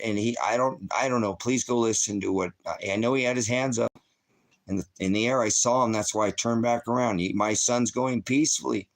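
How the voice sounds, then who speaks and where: A man's voice: medium pitch, steady tone, brisk. A distraught middle-aged man hosting his own channel, talking unscripted as a father and rambling, swearing often as he goes. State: shaken and upset. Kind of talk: emotional unscripted vlog monologue.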